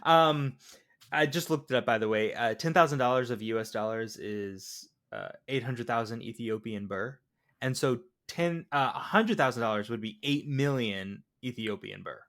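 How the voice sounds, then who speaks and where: A man co-hosting a podcast, chatting casually about a film and asking quick questions. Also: mid-range voice, a bit bright. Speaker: podcast co-host.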